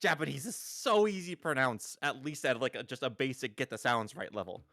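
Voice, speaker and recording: A man's voice: medium pitch, a little fast, pushed and bright, dry recording, studio quality. A man chatting on a live stream, explaining pronunciation patiently like a teacher, with emphatic repetitions. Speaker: stream co-host. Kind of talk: casual chat on a live stream.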